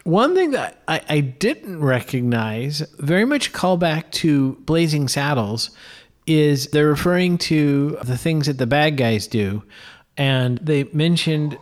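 A man's voice: a little high, takes it slowly. Give me a laid-back man co-hosting a film podcast, chuckling between remarks. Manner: relaxed, chuckles often while talking. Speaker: podcast co-host, filmmaker. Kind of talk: casual film discussion.

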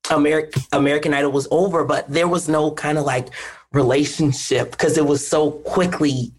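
A man, a voice actor guest, chatting casually on a video call in an animated storytelling way. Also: a little high, normal speed. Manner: animated storyteller, laughs often. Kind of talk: casual interview chat.

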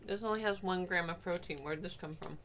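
A woman's voice: lowish voice, fairly quick, noisy background. A woman co-hosting a casual chat show, reading nutrition facts aloud and chatting with her co-hosts. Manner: chatty, reads numbers off packages. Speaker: co-host.

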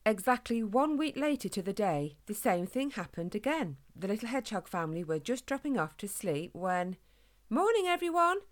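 A woman narrating a children's storybook in an expressive, clear read-aloud manner. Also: mid-range voice, moderate pace, few pauses.

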